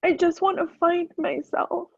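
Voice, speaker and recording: A woman's voice: very high-pitched, steady tone, measured pace, vocal fry, no echo, highs cut off. A woman calling in to a group call, sharing in an earnest, emotional way while close to tears. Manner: earnest and searching. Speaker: caller.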